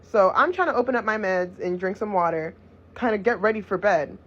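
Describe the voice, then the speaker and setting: A young woman vlogger telling a personal story in a blunt, profane, animated way. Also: medium pitch, fairly quick. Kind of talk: casual storytime vlog. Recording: dull lo-fi recording.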